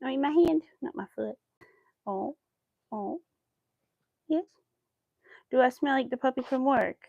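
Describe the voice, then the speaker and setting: A woman with a slightly high voice and a gravelly fry, talking casually as a crochet vlogger. She slips into cooing baby talk with her dog. The sound is close and dry. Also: lively intonation, measured pace, dark tone, no room sound, lo-fi sound.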